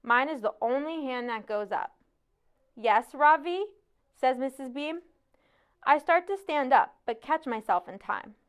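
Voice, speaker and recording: A woman reading a novel aloud in a measured first-person narration. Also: high-pitched, lively intonation. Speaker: audiobook narrator. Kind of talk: scripted narration.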